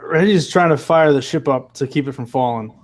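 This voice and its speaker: A man's voice: medium pitch, a little fast. A man playing a tabletop game, thinking aloud hesitantly about his next move. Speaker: player.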